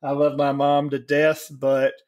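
A man in his forties musing crudely and slowly in a casual podcast chat. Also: on the high side, monotone, a little mellow. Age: 40s. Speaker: podcast co-host.

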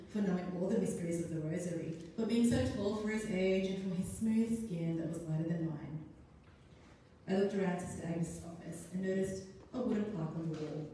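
Woman, writer, live reading, expressive, distant mic, faint background noise. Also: on the low side, heavy reverb. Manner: expressive, first-person storytelling. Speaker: writer reading her own story. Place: arts centre event room.

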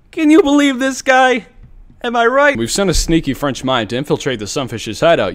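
A young man streaming a game, jumping from mutters to excited shouts as he plays. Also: mid-range voice. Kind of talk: excitable let's-play commentary. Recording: game music under the voice. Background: game music.

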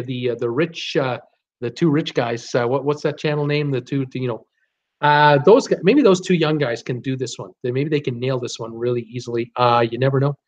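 Man, trivia stream host, casual chatty delivery, raised pitch, muffled low-fi sound. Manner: chatty, reads viewer names and answers, frequent uh fillers. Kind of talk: casual live-stream chat.

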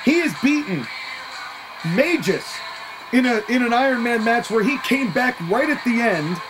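A wrestling commentator calling the action play by play, excitable, openly taking sides, and quick to laugh. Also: mid-range voice, over music, rough recording.

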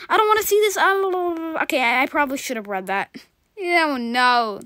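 Woman, gameplay host; fast, rambling, excitable, dry close sound. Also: extremely high pitch, no echo. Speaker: gaming channel host. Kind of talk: gameplay commentary.

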